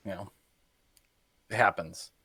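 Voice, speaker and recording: A man's voice: low voice, steady tone, slow, sharp tone, breathy edge, no room sound, studio quality. A man co-hosting a podcast, dropping wry, offhand quips about a film. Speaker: podcast co-host. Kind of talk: casual movie discussion.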